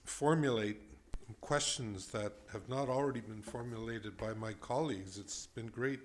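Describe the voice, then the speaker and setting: A man on a town council, asking the developer pointed questions with deliberate emphasis. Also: medium pitch, a little hiss or hum.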